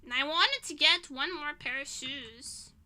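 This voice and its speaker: A woman's voice: sits high, unhurried, sharp tone. A young woman streamer chatting casually, ranting indignantly with swearing and laughter. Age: young adult.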